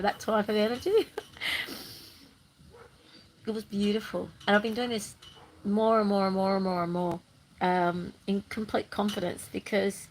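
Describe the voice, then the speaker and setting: A bubbly woman chatting on camera in a loose, rambling monologue. Her voice sits in a middle pitch, and now and then she breaks into playful sing-song bursts. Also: a little hiss or hum, poor audio. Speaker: spiritual vlogger. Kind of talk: casual monologue.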